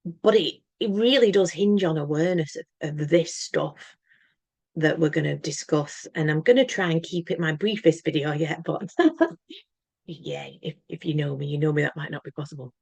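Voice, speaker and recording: Woman, gravelly voice, rambling monologue, many restarts, emphatic, dry sound. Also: low-pitched, expressive, normal speed, a little mellow, no room sound. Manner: earnest, emphatic. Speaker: channel host. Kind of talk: casual monologue to camera.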